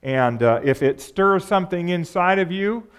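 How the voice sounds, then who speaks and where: A pastor preaching a sermon in a conversational way, often asking the congregation rhetorical questions. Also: male voice, sits high, animated, moderate pace, clean tone.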